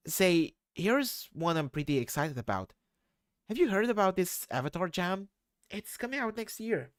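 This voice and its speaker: A man's voice: fairly high pitch, no room sound, clean studio sound. A man voicing an eager, old-fashioned young man who speaks in quaint British-style slang.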